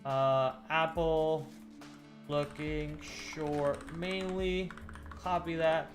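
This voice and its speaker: Man slowly dictating stock trading notes. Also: a little high, fairly even intonation. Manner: slowly dictating trade notes while typing. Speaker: stock trading livestream host. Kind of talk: casual livestream chat. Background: faint background music.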